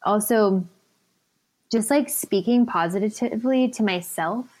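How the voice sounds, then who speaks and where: Woman, 30s, podcast guest, chatty, filler-heavy personal storytelling, mid pitch. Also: unhurried, darkish tone. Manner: chatty, many "like" fillers, laughs often.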